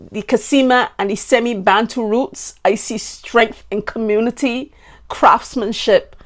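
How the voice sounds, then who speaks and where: A woman from Barbados with a Bajan accent, hosting a podcast and sharing her ancestry in an emotional, heartfelt way. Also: mid-range voice. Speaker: podcast host. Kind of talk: personal heritage talk.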